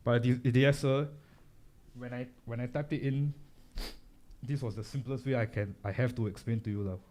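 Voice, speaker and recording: Mellow Singaporean man demonstrating audio gear. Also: medium pitch, steady tone, normal speed. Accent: Singaporean English. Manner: casual, chatty explaining with asides; talks while chewing gum. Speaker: workshop presenter. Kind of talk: live technical demonstration. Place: live event room.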